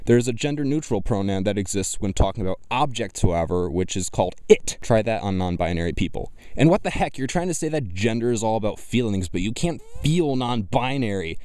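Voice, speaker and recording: A man's voice: lowish voice, expressive, brisk, few pauses, darkish tone, smooth, no echo. A man giving mocking, argumentative reaction commentary on video clips. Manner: scornful, argumentative.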